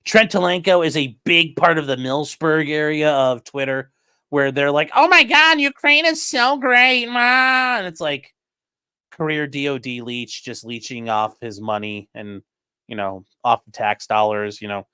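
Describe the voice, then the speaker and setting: A man's voice: mid-range voice, steady tone, normal speed, a bit bright, clear, resonant tone, no room sound, studio quality. Sarcastic, rambling male streamer. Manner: sarcastic, rambling, swears casually. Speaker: livestream host reading viewer donations. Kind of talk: casual livestream commentary.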